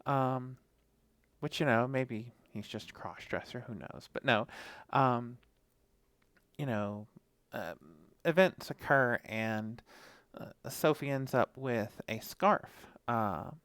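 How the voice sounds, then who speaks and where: A man's voice: mid-range voice, slow, fairly bright tone, dry recording. A man co-hosting a horror podcast, chatting casually and rambling with lots of fillers. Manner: rambling, many fillers, acts out characters' lines. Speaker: podcast co-host. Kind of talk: casual chat reviewing a horror comic.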